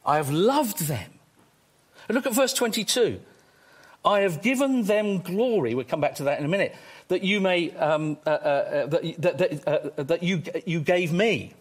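Male preacher, high and very animated, excitable sermon delivery. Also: normal speed. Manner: excitable, swings from quiet to loud exclamations.

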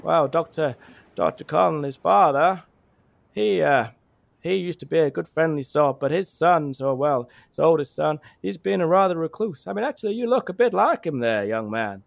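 Guy voicing a rambling village gossip, gravelly, kinda high, dry close mic. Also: expressive, normal speed, no room sound. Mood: gossipy. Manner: rambling, stammering, full of restarts. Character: chatty rural man giving directions, gossipy.

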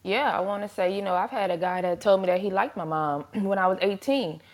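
A woman's voice: mid-range voice, brisk. Female podcast co-host, mid-range voice, plain short opinions. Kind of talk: casual chat.

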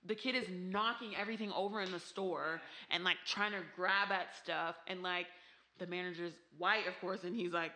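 A woman with a bright, forward voice chats casually in a relaxed conversation. She tells stories animatedly, peppered with "like" and laughter. Her family is from Haiti. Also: fairly low pitch, normal speed. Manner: animated storytelling with frequent "like" and laughter. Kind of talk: casual chat.

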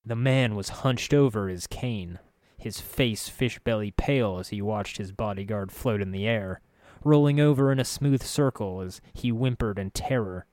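A man narrating a dark first-person fantasy story in a measured, vivid way. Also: lowish voice, no echo, studio quality.

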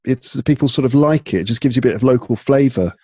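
A man's voice: medium pitch, fast, warm tone, slightly rough, dry recording. A man in casual, musing conversation, chatty and full of fillers as he thinks aloud. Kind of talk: casual chat.

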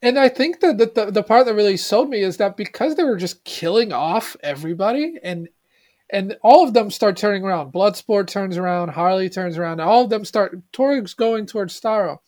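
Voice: medium pitch, expressive, normal speed, a little mellow. A podcast co-host talking casually about a movie in an earnest, rambling way, often restarting sentences.

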